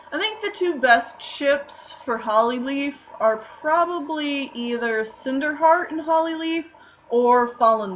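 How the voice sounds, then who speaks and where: Woman rambling on a drawing stream, kinda high voice, dull lo-fi mic with a little hiss. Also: fairly bright tone. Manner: chatty, rambling with many fillers. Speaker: streamer answering chat. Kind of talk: casual chat while drawing.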